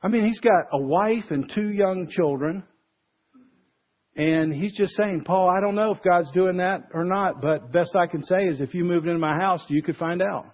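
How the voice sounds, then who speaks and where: A man with a fairly high, husky voice preaches a relaxed, conversational sermon. He slips into little acted voices when he quotes people. The recording sounds dull and lo-fi. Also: normal speed. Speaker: pastor.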